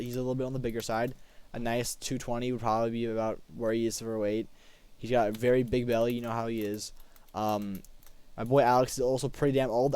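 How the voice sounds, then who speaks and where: A young man in his late teens, a high school student, telling a casual story with lots of swearing, fillers and restarts. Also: a little mellow, smooth, dry recording.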